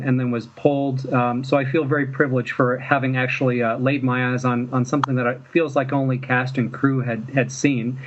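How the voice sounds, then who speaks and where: A man from Mississippi, a fan filmmaker guest, telling stories in a rambling, halting way and chuckling often. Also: medium pitch. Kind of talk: casual storytelling interview. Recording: dull lo-fi with faint noise.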